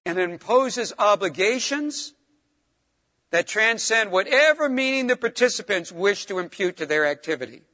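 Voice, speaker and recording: Man, sermon, high and bright voice, emphatic, rises on key words, drops soft for asides. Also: animated, normal speed, big-room sound. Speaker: preacher.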